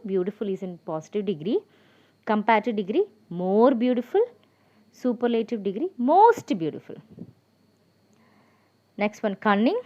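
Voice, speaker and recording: A woman's voice: medium pitch, dark tone, muffled recording. Woman teacher spelling out words patiently. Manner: patient, spells out words letter by letter, many fillers. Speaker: English teacher. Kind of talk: explaining grammar lesson.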